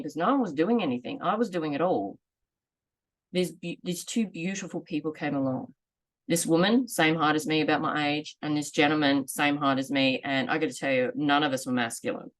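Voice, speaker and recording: Woman in her 40s, pretty low voice, telling her own story straight to camera, earnest and candid. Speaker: vlogger sharing lived experience. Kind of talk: personal storytelling monologue.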